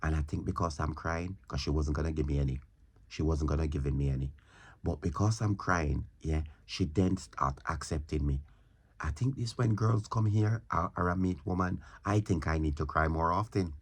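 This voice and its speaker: A man's voice: rumbling low, normal speed, husky. A male comedian telling a rambling comic story in a casual way, repeating himself and stumbling over his words.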